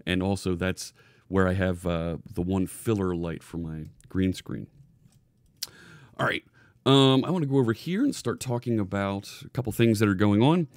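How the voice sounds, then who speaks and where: A man hosting a live coding stream in a casual, chatty way. His voice sits low with plenty of gravelly fry, and the sound is dry and close. He keeps greeting chat viewers by name and restarts his phrases as he thinks aloud. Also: normal speed, darkish tone, dry recording. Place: home studio with green screen. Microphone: hidden desk microphone.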